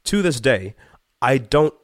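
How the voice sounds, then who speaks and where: A man from Zimbabwe tells a story as a guest musician in a casual chat. He talks in an animated, slangy way, full of fillers and the odd curse. His voice sits at a middle pitch, and the sound is dry and close, with no room echo. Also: slow pace. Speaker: guest singer-songwriter.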